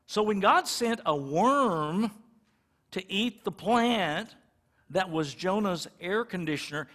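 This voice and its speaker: High-voiced middle-aged pastor preaching. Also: male voice, lively intonation, measured pace, a bit bright. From California. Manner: conversational, acts out little quoted exchanges. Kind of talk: sermon.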